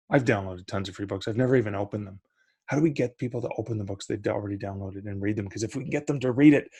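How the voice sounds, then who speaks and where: A man's voice: mid-range voice, mellow, husky, no echo. A middle-aged man, a guest on a podcast, talking casually and eagerly about publishing, often restarting his sentences. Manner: enthusiastic, restarts mid-sentence.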